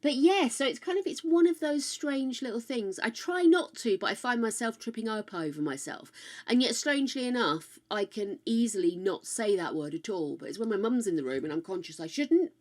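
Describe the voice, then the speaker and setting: A woman's voice: on the high side, lively intonation, moderate pace, a little mellow. An older woman from the UK, chatting casually and frankly on a live game stream, swearing freely and tossing asides to her viewers. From United Kingdom. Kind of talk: casual live-stream chat while gaming.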